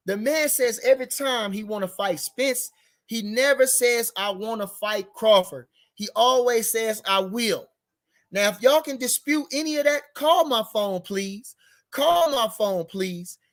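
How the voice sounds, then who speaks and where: Rambling heated man talking boxing. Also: very high-pitched. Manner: rambling, repeats himself, gets heated and emphatic. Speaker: boxing commentary show host. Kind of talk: casual unscripted boxing talk.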